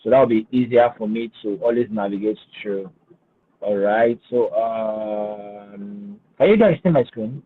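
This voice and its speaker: A man's voice: on the low side, unhurried. A man speaking as a finance guest on a webinar, hesitant and repeating words, then explaining with emphasis. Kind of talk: webinar talk with screen share. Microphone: video call. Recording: husky voice over a tinny phone-like line.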